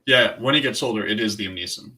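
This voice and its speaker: Bright-voiced, hesitant podcast man. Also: lowish voice, fast, a little hiss or hum. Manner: hesitant, restarts sentences. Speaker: podcast co-host. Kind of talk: casual chat.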